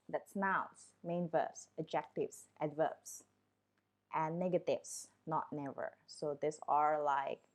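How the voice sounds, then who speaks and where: A woman with an Indonesian accent teaching an English lesson in a chatty way, switching between English and Indonesian. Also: fairly low pitch. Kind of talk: casual online lesson.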